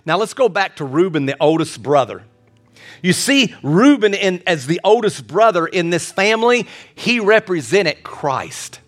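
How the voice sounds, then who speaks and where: During a church service, a male pastor delivers an emphatic sermon full of repeated phrases, growing more intense as he goes. He is very animated, with a high-pitched voice and measured pace. Soft music plays in the background.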